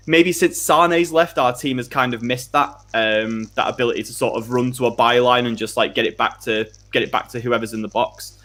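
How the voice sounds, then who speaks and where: A man's voice: mid-range voice, fairly bright tone. A man talking football as a fan on a live stream, rambling with many restarts and fillers.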